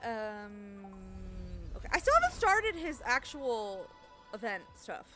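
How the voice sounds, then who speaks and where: A bubbly woman streams a game from home and chats with her viewers. Her voice sits high and swings up and down. Game music plays clearly underneath, with dogs barking now and then. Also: slow pace. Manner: bubbly and excitable, chatting with viewers. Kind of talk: casual live-stream chat.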